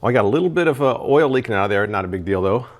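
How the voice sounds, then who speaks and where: A man's voice: on the low side, animated, racing. A man chatting casually in a home kitchen as he tests and reviews kitchen gadgets, thinking aloud while he cooks. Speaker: product reviewer. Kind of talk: casual cooking review vlog.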